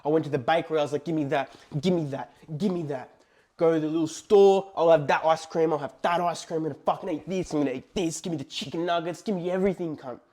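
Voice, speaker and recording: An excitable young man talking straight to camera, cursing freely as he tells a personal story. His voice sits a bit high for a man, and he lurches between shouted disbelief and low, near-whispered asides. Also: quick pace, hardly any pauses. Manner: profane, excitable, swings between loud outbursts and hushed asides. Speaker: vlogger.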